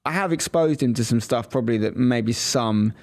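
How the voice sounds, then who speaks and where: A man in his thirties, a podcast co-host in casual chat, telling lively anecdotes and acting out what others said. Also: medium pitch, normal speed, gravelly. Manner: lively anecdotal storytelling, acts out quoted voices.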